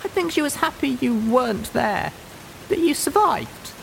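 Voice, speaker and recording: A man putting on a high, strained young mare. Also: sing-song, a little slow, creaky, fairly bright tone, a little hiss or hum, heavily acted, poor audio. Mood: somber. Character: young mare wasteland wanderer, earnest and grieving.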